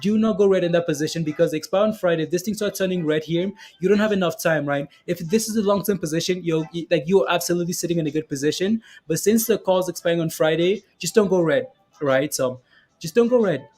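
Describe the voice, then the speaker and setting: A man's voice: fairly high pitch, quick pace, a little mellow. A man giving casual live-stream commentary on stock charts, chatty and repetitive, often asking "right, guys?" and reading viewer comments aloud.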